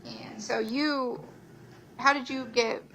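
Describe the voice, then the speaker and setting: A woman attorney in a courtroom, questioning a prospective juror in a polite, measured way. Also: high voice, steady tone, sharp tone, a little hiss or hum, poor audio. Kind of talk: jury selection questioning.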